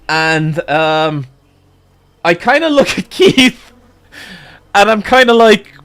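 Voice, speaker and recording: Animated man telling a story on stream. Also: slow pace, smooth. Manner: animated, swears freely, jumps into high excited exclamations. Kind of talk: casual storytelling on a live stream.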